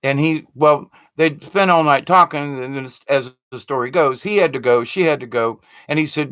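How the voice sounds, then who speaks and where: A man's voice: a little high, moderate pace, few pauses, clean tone, no echo. Male spiritual storyteller, conversational, dry close sound. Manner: animated, conversational storyteller with frequent restarts. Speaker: spiritual teacher. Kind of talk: spoken storytelling talk.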